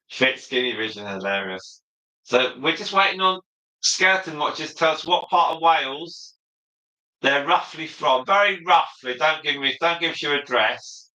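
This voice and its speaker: A man hosting a relaxed livestream, chatting as he reads viewer comments aloud and answers them one by one. His voice is very bright and sharp-edged, and it rings in an echoey room. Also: fairly high pitch, unhurried. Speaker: livestream host. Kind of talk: casual livestream chat.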